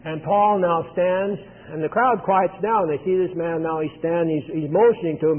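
High-voiced preacher in a reverberant hall. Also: male voice, steady tone. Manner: plain storytelling with many "uh" pauses. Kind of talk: sermon retelling a scripture scene. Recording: tinny phone-like sound with long hall reverb.

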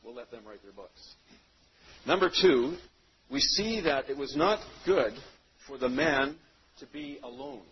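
A man preaching a sermon, reading scripture and then explaining it, with loud stressed phrases that drop to quiet endings. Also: mid-range voice, expressive, measured pace, slightly rough. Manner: emphatic, swings between loud stresses and quiet trailing phrases. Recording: dull lo-fi sound.

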